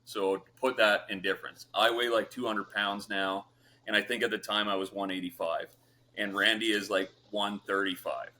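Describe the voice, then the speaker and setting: A man in his thirties, from Canada, telling stories in a loose, rambling way with plenty of swearing and filler words. His voice sits a touch low but has a bright, forceful edge. A faint hiss of room noise sits under it. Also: normal speed. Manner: relaxed, swears often, lots of fillers. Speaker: podcast guest. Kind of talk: casual storytelling.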